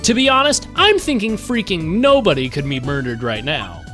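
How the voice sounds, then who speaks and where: Guy streamer talking to chat, bouncy animated voice, a bit high, faint music under it. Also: moderate pace. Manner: excitable, swears, talks to chat. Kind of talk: casual live-stream chat.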